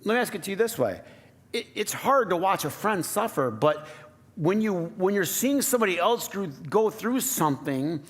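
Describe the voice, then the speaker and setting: A man's voice: sits high, big pitch swings, normal speed. A man preaching a sermon to his congregation in a conversational, playful way, often asking the room questions. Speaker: pastor. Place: church sanctuary.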